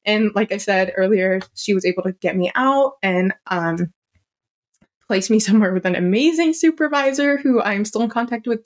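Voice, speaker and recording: A young woman co-hosting a podcast, telling a personal story in a casual, animated and emotional way, full of "like" and fillers. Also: medium pitch. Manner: animated and emotional, heavy use of "like". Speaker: podcast co-host.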